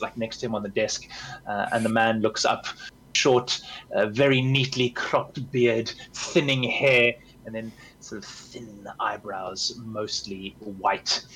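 A man's voice: on the low side, fairly bright tone, slight background noise, low-quality recording. A man narrating as game master, describing scenes in a casual, rambling way.

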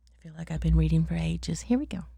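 Woman reader, low and warm with some fry, reads bedtime stories casually and corrects her own slips. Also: no echo, studio quality. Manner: pauses to check words and laugh at her own slips. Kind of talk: casual storybook reading aloud.

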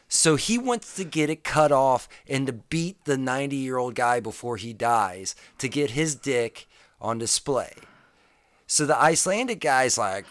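Animated man telling a story, dry sound. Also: fairly high pitch, normal speed, no room sound. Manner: animated, acts out quotes. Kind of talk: casual storytelling chat.

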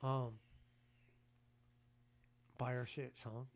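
A man's voice: mid-range voice, little pitch movement, extremely slow. A man hosting a podcast in casual chat, slangy and profane, often stammering as he restarts his sentences. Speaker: podcast host.

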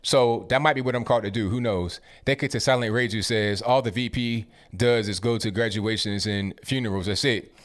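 A man hosting a live stream, reading viewer messages aloud and answering each one with quick casual asides. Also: on the low side. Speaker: political commentary host reading viewer messages.

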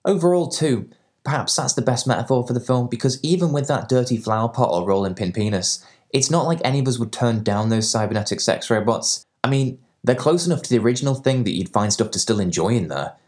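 Fast, sweary man reviewing films. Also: mid-range voice, lively intonation, a little mellow. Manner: sardonic, sweary. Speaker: film reviewer. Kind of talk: scripted comedic review narration.

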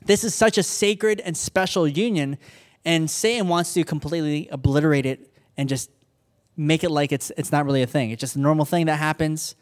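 A man's voice: fairly high pitch, brisk. A young adult man preaching a sermon, retelling Bible stories casually and acting out the characters in his own voice. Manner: casual storytelling, acts out characters. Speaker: pastor.

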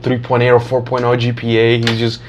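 A young man chats casually about his student days, rambling from story to story with plenty of swearing. He gets animated when he acts out his friends' lines. A faint hum sits under the recording. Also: mid-range voice, fairly quick. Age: young adult. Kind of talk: casual chat.

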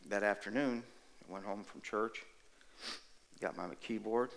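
A man's voice: lowish voice, measured pace, gravelly, long pauses, a bit bright, rough recording. A man preaching in a church, telling a folksy story with chatty asides between sung passages. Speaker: preacher and worship singer.

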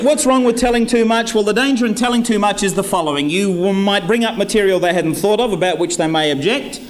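A man's voice: sits high, quick pace, few pauses, a little hiss or hum. A middle-aged Australian man giving a humorous sales-training talk to a live audience, acting out little scenes between salesperson and prospect.

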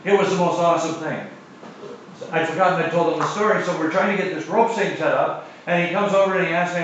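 A man's voice: fairly high pitch, fast, fairly bright tone, slight background noise. A man preaching a sermon, telling a personal story and then repeating his points with emphasis. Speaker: pastor. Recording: echoey distant lo-fi church recording.

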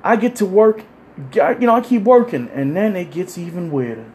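A man telling crude stories in casual chat, animated and acting out the people he quotes. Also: high-pitched, a little fast. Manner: animated, acts out quoted voices. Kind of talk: casual profane storytelling.

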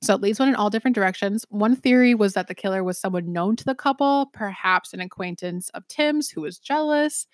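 A woman's voice: mid-range voice, dry recording, clean studio sound. A woman co-hosting a podcast, telling a true-crime case casually with many ums and restarts. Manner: chatty, many ums, swears, quick laughs. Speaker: podcast co-host.

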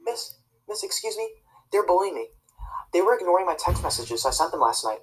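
In a comedy sketch, a woman plays a prissy, rule-obsessed teacher's pet who tattles and lectures about the rules in an indignant, self-righteous, preachy way. Her exaggerated voice is fairly low with wildly swooping pitch, fast, with vocal fry and slight roughness, on a low-quality recording.

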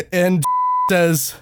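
A young man with a fairly high, lively voice tells a story on a podcast. He laughs often as he goes, swears freely and keeps it casual. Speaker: podcast host.

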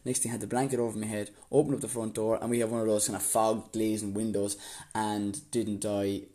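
A man's voice: on the low side, little pitch movement, brisk, warm tone. A young man from Waterford with an Irish accent, casually telling a story to the camera and often breaking into laughter. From Ireland.

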